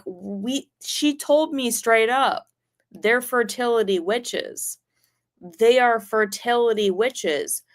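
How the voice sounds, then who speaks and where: With a mid-range voice, this streamer tells a personal story in a loose, rambling way, packing in "like" and cursing freely as she gets animated.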